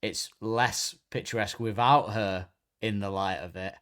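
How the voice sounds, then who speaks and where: Guy on a podcast, kinda low voice, rambles and restarts a lot. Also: steady tone, unhurried, a bit bright, smooth. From Britain. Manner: rambling, restarts sentences, searches for words. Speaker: podcast co-host. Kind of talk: casual chat.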